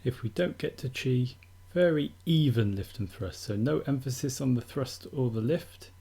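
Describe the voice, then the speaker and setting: A man calmly teaching acupuncture technique in a steady, methodical instructional demonstration. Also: medium pitch, moderate pace, creaky, slightly rough. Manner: calm, steady, methodical explaining.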